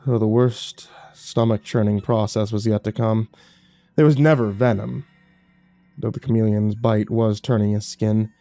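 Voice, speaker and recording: A man narrating a horror story in a slow, dramatic, hushed storytelling manner, as a dry studio voice-over. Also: on the low side, steady tone, no room sound, faint music behind.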